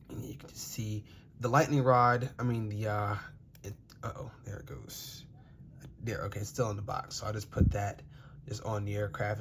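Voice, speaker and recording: A man's voice: fairly low pitch, a little hiss or hum. Gushing young man unboxing model planes. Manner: enthusiastic, gushing, rambling. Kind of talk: casual unboxing commentary. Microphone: phone.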